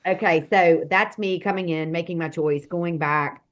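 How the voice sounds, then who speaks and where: Low-voiced woman telling a story with energy. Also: normal speed. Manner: expressive, jumps between hushed and loud. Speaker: guest, author and speaker. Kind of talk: animated storytelling in a podcast interview.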